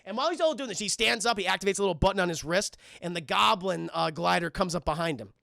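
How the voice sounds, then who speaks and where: A young man giving a casual, excitable and profane film review on a live stream, acting out the scenes. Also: high voice, fast talker, gravelly, no room sound, studio quality.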